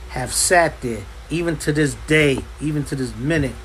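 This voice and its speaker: A man with a somewhat high voice preaches to his Bible class, forceful and insistent. He drives each point home by repeating it, with a faint hum of air conditioning behind him. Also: moderate pace, few pauses, rough recording. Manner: forceful, repeats "understand" for emphasis. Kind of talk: impassioned preaching. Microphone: livestream.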